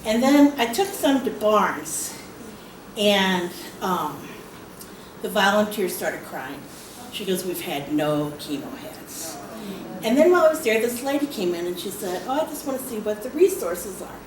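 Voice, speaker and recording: A woman's voice: mid-range voice, big pitch swings, moderate pace. A woman at a knitting guild meeting, telling stories about donating hats with lots of laughs and fillers. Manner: chatty, laughing storyteller with fillers. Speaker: guild member speaking on charity. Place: meeting hall. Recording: echoey hall from far off, hiss.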